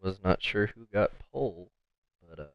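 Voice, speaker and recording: A man with a deep, smooth voice talks through an online sim race as play-by-play host. His delivery is casual and full of fillers, recorded dry and close with no room sound. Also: expressive, normal speed, no room sound, dull audio. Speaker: race commentator. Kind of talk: sim racing commentary.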